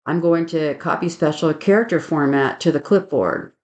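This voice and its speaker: A woman teaching a software webinar, methodically explaining each click aloud and adding firm opinions on good practice. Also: deep voice, normal speed, lo-fi sound. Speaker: software trainer. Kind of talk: screen-share webinar demonstration.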